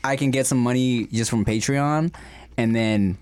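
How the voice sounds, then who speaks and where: A man's voice: medium pitch, moderate pace, darkish tone, smooth. A young man hosting a food vlog, chatting casually and profanely while eating. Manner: profane and laid-back, says "dog" often. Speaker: vlog host.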